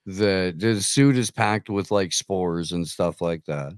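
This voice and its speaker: A man in casual podcast chat who gives blunt opinions in halting bursts full of fillers. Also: low-pitched, clear, resonant tone, dry recording, clean studio sound.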